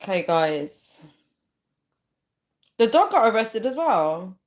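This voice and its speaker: A woman's voice: on the high side, very animated, slow pace. A young woman hosting a livestream, chatting casually and rambling as she reads out viewer comments, often breaking into giggles. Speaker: livestream host. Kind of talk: casual live chat reading comments.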